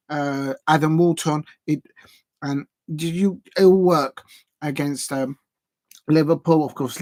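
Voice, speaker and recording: A man hosting a live football watch-along on his channel, chatty and excitable and jumping to shouts at big chances. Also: fairly high pitch, dry recording.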